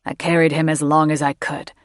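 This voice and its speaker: A woman voicing a grieving young male dragon who speaks low and shakily. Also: flat delivery, brisk, dry recording, clean studio sound, natural voice. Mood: somber. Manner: low, shaky.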